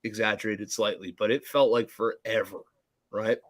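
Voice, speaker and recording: In a lowish voice at normal speed, a man co-hosting a podcast tells a rambling story during casual chat. He's animated and profane, cursing freely and acting out the quotes of the people involved.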